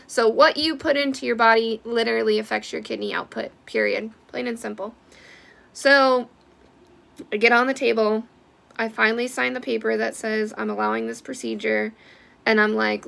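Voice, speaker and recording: A woman's voice: fairly high pitch, fairly even intonation, moderate pace, gravelly, a bit bright. A woman giving a blunt, heated personal vlog update who swears freely. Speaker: vlogger sharing a personal health update.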